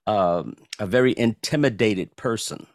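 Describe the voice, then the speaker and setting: A man chatting casually as a panelist, halting and searching for words. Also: lowish voice, animated, no echo. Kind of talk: casual chat.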